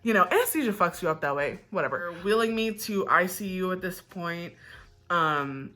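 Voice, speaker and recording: A woman vlogger tells a personal story in a casual, candid way. Her voice sits a little low but comes across bright and forceful. She talks loosely and plainly, with the odd swear word. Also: lively intonation, normal speed. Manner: candid, profane, chatty.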